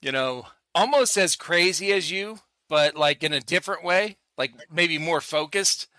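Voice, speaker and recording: A man's voice: fairly high pitch, measured pace, pushed and bright, clean tone, dry recording. A man hosting a casual podcast chat, hyped up and swearing freely, laughing often. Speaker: podcast host.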